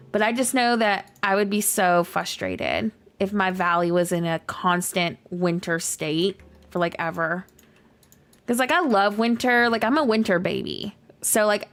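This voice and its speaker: A woman game streamer with a scratchy, hoarse voice, chatting casually and rambling with lots of "like" while she plays. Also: medium pitch, fairly bright tone. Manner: chatty, rambling, heavy use of "like". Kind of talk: casual livestream chat while playing.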